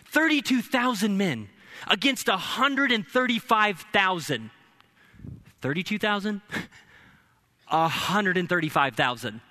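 A young man's voice, pitched unusually high and strikingly bright and sharp, preaching with energy. He mixes jokey asides into his sermon and climbs to shouted exhortation. An upbeat, forceful pulpit delivery. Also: expressive, measured pace, long pauses. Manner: builds to shouting. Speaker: pastor.

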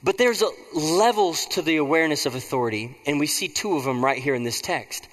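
A man's voice: on the high side, animated, brisk, a bit bright, long reverb tail. A man preaching a conversational sermon as pastor, prompting the congregation to respond.

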